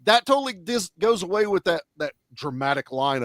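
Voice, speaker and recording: A man in casual chat, reviewing a film with blunt, profane and animated talk. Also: high voice, moderate pace, dry recording.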